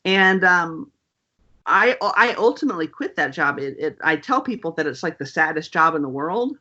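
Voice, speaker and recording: A woman guest on an interview, talking casually and wryly with lots of "um" and "you know". Her voice is bright and sharp. The recording sounds dull and lo-fi. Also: low-pitched, moderate pace. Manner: animated, wry, lots of fillers. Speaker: author guest.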